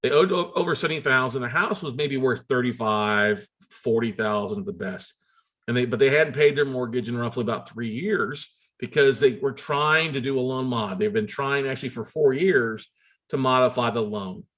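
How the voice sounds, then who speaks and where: A man tells a story in a conversational way, with a bright, clear voice. He acts out the phone calls and his pitch leaps up when he does. He often stops and restarts his words. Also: moderate pace. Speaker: note investor telling a story.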